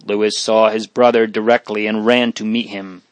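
Man, audiobook narrator, steady reading, small slips, dry close sound. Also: lowish voice, moderate pace, few pauses, no echo.

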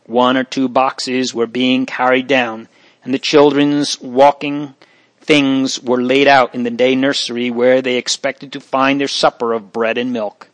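A man narrating a storybook in an audiobook reading, with a measured, even delivery. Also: mid-range voice, rough recording.

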